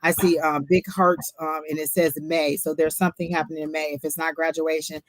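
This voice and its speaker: A woman's voice: low-pitched, little pitch movement, a little fast, a little hiss or hum. A woman hosting a casual live-stream tarot reading, talking in a chatty, emphatic way and often repeating herself. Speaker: tarot reader host.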